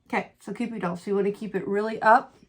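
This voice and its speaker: A middle-aged beauty vlogger talks her way through a makeup tutorial, sharing a personal story while she works. She's candid and quick to exclaim, with a mid-range voice and a steady tone.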